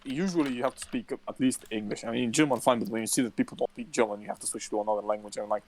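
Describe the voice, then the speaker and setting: A man's voice: medium pitch, fairly even intonation, racing, a little mellow. Foul-mouthed young man telling stories. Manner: swears constantly, emphatic storytelling. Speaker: podcast co-host. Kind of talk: casual chat.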